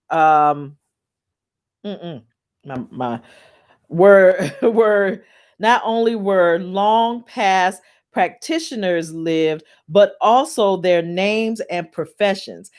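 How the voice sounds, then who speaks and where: A woman talks straight to her listeners from home, chatty and excited. She often breaks into laughter and calls them "y'all." She sits at a middling pitch for a woman and teaches as she goes. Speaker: spiritual podcast host. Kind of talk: casual chat, reading aloud and teaching. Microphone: camera in her home.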